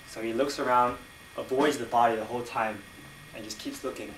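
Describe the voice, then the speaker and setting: A man improvising an animated story at a club meeting, heard from across an echoey room. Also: mid-range voice, a little fast. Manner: animated, laughs as he tells it. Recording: echoey room, distant mic, faint noise.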